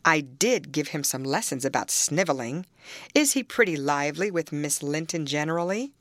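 A woman's voice: deep voice, lively intonation, moderate pace, no echo, studio quality. A woman reading the part of a harsh, mocking middle-aged man with curbed ferocity in an audiobook. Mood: scornful. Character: harsh, scornful middle-aged male landowner.

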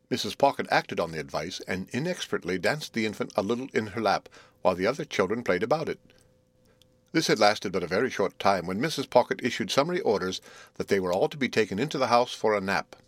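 A man narrating a classic novel as an audiobook, reading in a measured, even manner. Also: on the low side, no room sound. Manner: measured, even reading of old literary prose. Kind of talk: scripted narration.

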